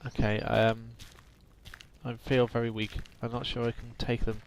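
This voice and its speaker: A man hosting a let's play, talking over his game at a middle pitch with a gravelly fry in his voice. His asides are dry and self-mocking. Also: completely flat delivery, normal speed, slight background noise. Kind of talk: game commentary.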